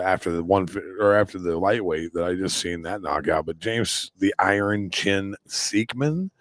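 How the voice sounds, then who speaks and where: A man with a lowish voice runs a live reaction stream, firing off quick exclamations and rambling asides. The sound is dry and close, with no room around it. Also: no room sound.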